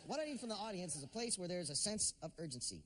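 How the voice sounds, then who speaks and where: A man's voice: sits high, big pitch swings, fast talker. A man hosting a game show, introducing games with jokes and chuckling between them. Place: television studio stage. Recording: studio with audience noise.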